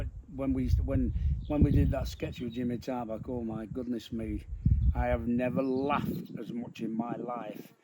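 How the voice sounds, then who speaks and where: An older man, a comedian being interviewed, telling animated stories and acting out the voices. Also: mid-range voice. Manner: animated, laughs through his stories, acts out voices. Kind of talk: anecdotal storytelling. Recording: noisy background.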